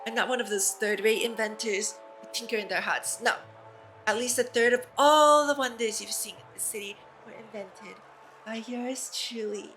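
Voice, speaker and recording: A woman's voice: a little high, normal speed, a bit bright, soft background music, lightly acted. A woman reading aloud the lines of a boastful, paranoid male inventor from a game, in a pompous, self-important manner.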